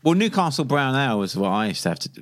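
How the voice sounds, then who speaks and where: A man's voice: medium pitch, very animated, fast, fairly bright tone, a little hiss or hum. A middle-aged man hosting a podcast, chatting casually with hesitant restarts. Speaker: podcast host. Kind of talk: casual chat.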